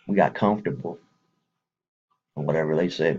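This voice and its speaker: A man's voice: deep voice, animated, moderate pace, pauses often, a little mellow. A man giving an earnest, plainspoken spoken message in a casual, folksy way. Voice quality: gravelly, husky. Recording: dull lo-fi recording.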